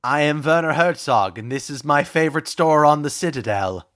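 A man doing a slow, solemn filmmaker impression. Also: on the high side, expressive, fairly bright tone, no room sound, clean studio sound.

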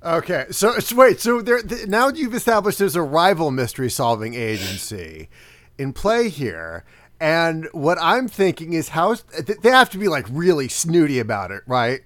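A man's voice: fairly high pitch, sing-song, a bit bright. A man co-hosting a comedy podcast, riffing on ideas with frequent restarts. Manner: quick to riff and laugh, restarts often. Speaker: podcast co-host. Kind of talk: casual comedic chat.

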